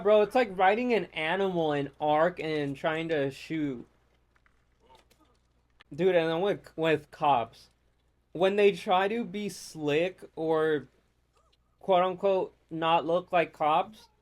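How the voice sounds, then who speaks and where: Brief: slightly high-voiced American man, casual gameplay chat, profane and ranting. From United States. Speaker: gamer.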